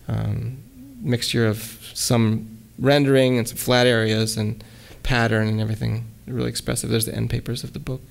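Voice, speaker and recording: A man giving a relaxed lecture at a college, hesitating often with ums and restarts and reading his own poems aloud. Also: medium pitch, normal speed, gravelly, hardly any pauses. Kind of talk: casual lecture with poem readings.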